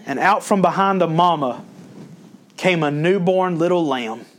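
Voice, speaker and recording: A man's voice: a little high, animated, unhurried. A male pastor preaching a sermon, folksy and storytelling, rising in emphasis when he quotes scripture.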